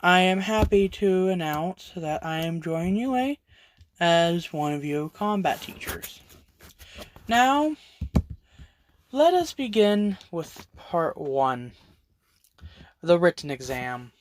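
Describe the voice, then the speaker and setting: A storyteller voicing a confident woman hero who is now a combat teacher, speaking sternly with calm threats. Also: mid-range voice, slow, long pauses. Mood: announcing.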